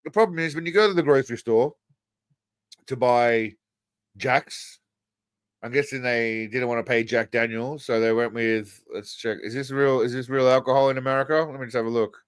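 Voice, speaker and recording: Brief: male streamer, crude and mocking, rambling commentary, mid pitch, dry sound. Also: steady tone, normal speed, clear, resonant tone, dry recording. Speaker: livestream host. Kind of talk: casual livestream commentary.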